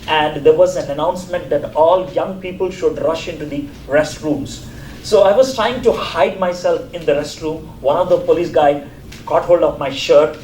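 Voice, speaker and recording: Prophet Daniel tells his own life with earnest pride, as a preacher puts him on. The man's voice is slightly high. It echoes around a church hall. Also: darkish tone, a little hiss or hum, close to an everyday voice. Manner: earnest first-person testimony. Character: prophet Daniel, older man, proud and earnest. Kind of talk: sermon role-play.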